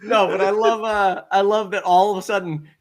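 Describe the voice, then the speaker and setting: A man co-hosting a casual review podcast, excitable and laughing often, swearing freely. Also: high-pitched, normal speed. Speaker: podcast co-host.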